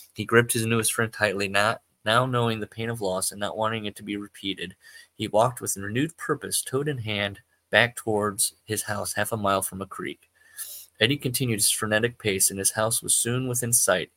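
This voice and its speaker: A podcast host reads amateur fiction aloud in a lowish, bright, forceful voice, stumbling, correcting himself, and drifting into rambling asides. The recording has no echo.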